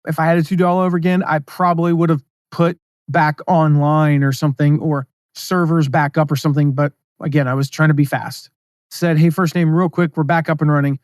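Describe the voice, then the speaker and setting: A man's voice: a little high, level tone, brisk, no echo. Chatty man with a dry, close sound. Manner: conversational, reads his own emails aloud, asides and fillers. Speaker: podcast host. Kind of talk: solo business podcast, casual instruction.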